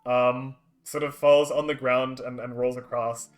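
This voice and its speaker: A man running a tabletop game as dungeon master, describing the scene in a halting way full of ums and uhs. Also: medium pitch, little pitch movement, soft background music. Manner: hesitant, many ums and uhs, laughs often.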